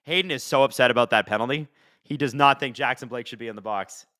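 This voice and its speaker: A man hosting a live watch-along of a hockey game, chatting casually and reacting excitedly to the plays. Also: mid-range voice, fast talker, dry recording, studio quality. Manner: chatty, excitable, swears casually, talks to chat. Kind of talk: casual live-stream commentary.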